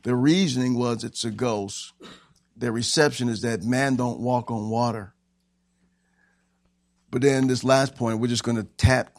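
A man preaching a sermon as pastor, animated and acting out the scenes he tells. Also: mid-range voice, no room sound, clean studio sound. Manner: animated, acts out scenes with shouting voices.

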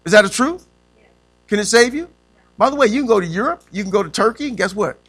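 A man's voice: high voice, lively intonation, fast, a bit bright. A man preaching a sermon who stops to ask the congregation to fill in words and stretches out the key phrases for emphasis. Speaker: pastor.

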